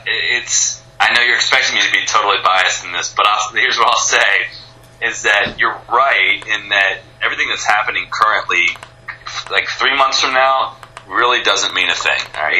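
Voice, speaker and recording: Male radio guest, American, low and sharp-toned, enthusiastic and rambling. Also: a little hiss or hum, poor audio. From United States. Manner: rambling, enthusiastic, many restarts. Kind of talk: casual interview chat.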